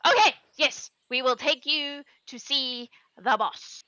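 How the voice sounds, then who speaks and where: Woman doing a dopey little goblin guard, keen and repetitive, highish and bright. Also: takes it slowly, no room sound, highs cut off, full character voice. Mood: eager. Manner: eager, repetitive, clumsy greetings. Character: dim eager male goblin guard.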